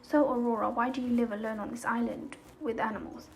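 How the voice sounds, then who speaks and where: A woman's voice: on the high side, fairly even intonation, brisk, creaky, slight background noise. A woman reading the lines of a bewildered shipwrecked young man, in a confused, questioning way.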